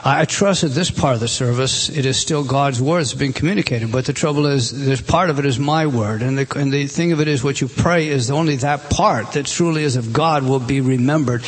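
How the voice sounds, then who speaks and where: A man's voice: medium pitch, a little fast, few pauses, husky. A middle-aged man preaching a sermon as pastor, earnest and exhorting, with frequent restarts.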